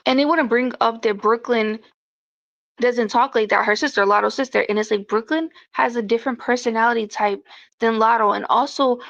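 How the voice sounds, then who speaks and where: A woman's voice: fairly high pitch, steady tone, a little fast, fairly bright tone. A woman from South Carolina, giving blunt, profane, exasperated commentary in a casual vlog. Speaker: commentary vlogger. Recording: muffled lo-fi audio.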